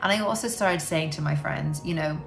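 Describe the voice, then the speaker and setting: Talking to camera in a candid, personal way, a woman reflects on being a parent and frequently says "you know." Her voice sits low and is creaky and fairly quick, with soft music in the background.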